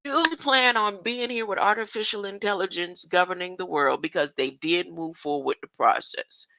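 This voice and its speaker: A woman's voice: fairly low pitch, moderate pace, gravelly, sharp tone, no echo, low-quality recording. A woman talking casually on a livestream to her chat, rambling and often tossing in "huh?". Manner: rambling, keeps asking "huh?".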